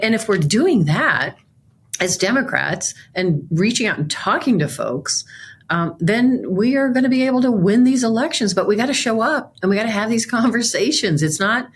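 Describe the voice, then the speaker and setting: A middle-aged woman senator from Nevada gives a political interview in a fairly low voice. She talks earnestly, repeating words and restarting her sentences as she works toward her point. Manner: earnest, repeats words while searching for phrasing.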